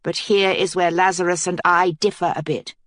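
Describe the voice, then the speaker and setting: A woman's voice: fairly low pitch, steady tone, moderate pace, a bit bright, no room sound, studio quality, close to an everyday voice. A woman voicing a determined young queen in an audiobook, speaking earnestly and with command.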